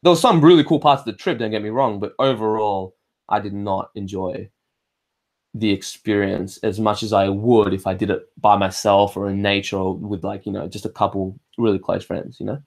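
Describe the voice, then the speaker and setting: An Australian livestream host speaks at normal speed in a steady, creaky, lowish voice. His casual talk wanders, he swears freely and restarts sentences often. As comments come in from viewers, he reads them aloud and replies.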